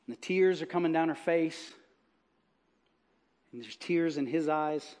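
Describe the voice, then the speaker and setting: Male pastor, slightly high voice, storytelling sermon with softly voiced dialogue. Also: measured pace. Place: church.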